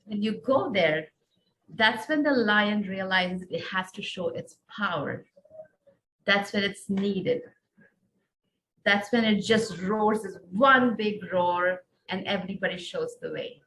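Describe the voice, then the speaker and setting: A middle-aged woman from India, a podcast guest, telling a visualization story in an earnest, soft-spoken way, often saying "you know". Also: medium pitch, slow, low-quality recording.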